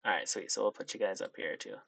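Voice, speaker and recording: A low-pitched man runs a tabletop game, describing the scene haltingly with frequent ums and restarts. His voice is dry and close to the mic. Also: lively intonation, gravelly, a bit bright, slightly rough, no room sound. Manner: hesitant, lots of ums and restarts. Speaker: game master.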